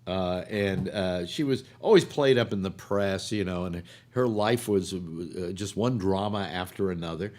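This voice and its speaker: A man's voice: low voice, a little slow, hardly any pauses, darkish tone. A man hosting a casual panel chat, rambling with frequent restarts. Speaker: talk show host.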